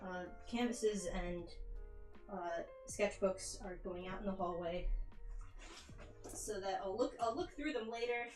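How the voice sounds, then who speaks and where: A young woman chats casually as she cleans her bedroom, her talk loose and rambling. She keeps poking fun at herself and laughing between thoughts, at an ordinary mid pitch. Quiet background music plays beneath her. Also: measured pace. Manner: rambling and self-mocking, laughs often. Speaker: streamer. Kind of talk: casual chat while cleaning.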